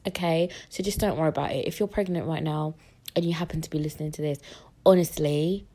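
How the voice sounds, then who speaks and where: A young woman with a British accent, telling a personal story in a lively, slangy way and acting out the voices of the people in it. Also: deep voice, a little fast. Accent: British English. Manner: animated, acts out quoted voices, slangy. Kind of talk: casual storytelling.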